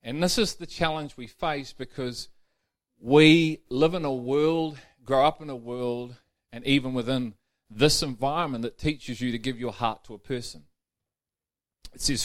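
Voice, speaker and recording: A man's voice: medium pitch, unhurried. A man preaching a sermon in a chatty, storytelling way, moving into earnest teaching. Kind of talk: sermon with a told joke.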